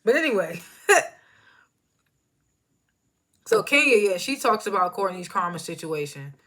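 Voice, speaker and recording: A woman's voice: lowish voice, sing-song, measured pace, a bit bright, a little hiss or hum. A woman giving a casual, rambling recap of a reality show, loose and slangy, often laughing at herself. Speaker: TV show reviewer. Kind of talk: casual chatty recap commentary.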